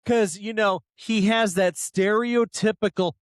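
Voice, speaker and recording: A man's voice: sits high, steady tone, a little slow, clear, resonant tone, dry recording. A man hosting a podcast, casual chat, telling rambling stories full of swearing and laughter. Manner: rambling storyteller, swears a lot, laughs often, mimics people. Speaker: podcast host.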